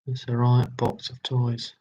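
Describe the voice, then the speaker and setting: A man's voice: mid-range voice, completely flat delivery, measured pace, dark tone, muffled recording. A man hosting a live online quiz, chatty and repeating his lines. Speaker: quiz host.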